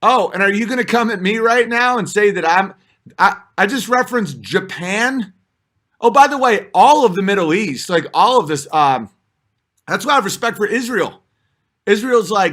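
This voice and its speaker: High, bright-voiced man ranting bluntly. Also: expressive, normal speed. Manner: blunt, profane, rambling, heated. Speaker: comedian and show host. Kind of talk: casual ranting monologue.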